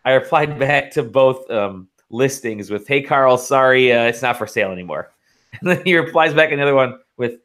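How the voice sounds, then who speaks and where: A man's voice: medium pitch, lively intonation, normal speed, a bit bright. A man co-hosting a casual podcast, rambling through stories with swearing and laughter. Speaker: podcast co-host.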